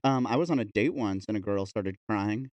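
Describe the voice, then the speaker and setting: A man's voice: fairly low pitch, moderate pace, darkish tone, no room sound. A man co-hosting a podcast, telling a story in casual chat and acting out the quotes. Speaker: podcast co-host.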